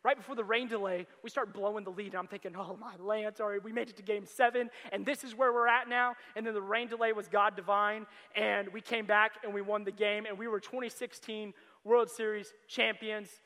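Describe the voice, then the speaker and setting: A young adult man preaching as a youth pastor, telling stories with animation and bursting into loud excited quotes. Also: high voice, a little fast. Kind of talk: sermon. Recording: long hall reverb.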